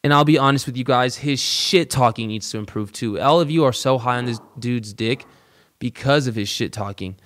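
A man with a mid-range, fairly bright voice hosts a casual podcast at a moderate pace. He bluntly predicts an upcoming fight, swearing plenty and calling his listeners "bro."

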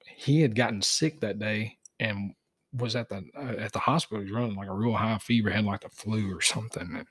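A middle-aged man spins an animated yarn on a podcast, slipping into the voices of the people in his story. His voice sits low and sounds a little husky. The sound is close and dry, with no room around it. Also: brisk, dry recording. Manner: animated, acts out dialogue in stories. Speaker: guest, dog tracker for wounded deer. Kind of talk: casual storytelling.

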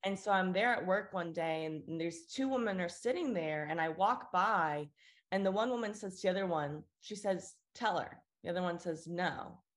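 A woman's voice: fairly low pitch, normal speed. Earnest young woman telling a story. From Florida. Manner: earnest, acts out quoted voices with lively shifts. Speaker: guest. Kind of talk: personal storytelling in a conversation.

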